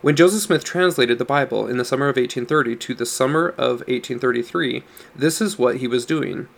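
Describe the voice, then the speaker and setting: Gravelly man reading a scripture study book. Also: mid-range voice. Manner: measured, explanatory reading with stressed words. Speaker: audiobook narrator. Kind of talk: reading a religious nonfiction book aloud.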